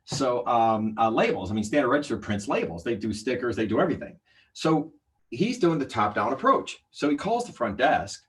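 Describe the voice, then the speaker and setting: Speaking at a moderate pace and medium pitch, this middle-aged man is a sales trainer telling an animated story on a livestream. He performs the quoted voices of the characters as he goes.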